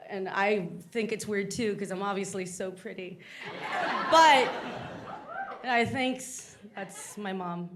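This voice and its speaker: A woman's voice: medium pitch, slow pace. A woman from South Texas, telling stories on a comedy stage and acting out the people in them. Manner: animated, acts out voices. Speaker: stand-up comedian. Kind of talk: stand-up storytelling. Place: comedy stage before a live audience. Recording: live club audience, faint noise. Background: audience laughter.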